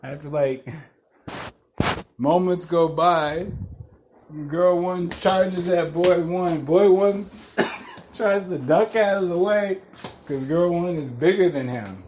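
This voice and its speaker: Slow-talking profane male storyteller. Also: high voice, darkish tone, a little hiss or hum. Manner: profane, rambling, laughs through his stories. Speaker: podcast host. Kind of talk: casual storytelling.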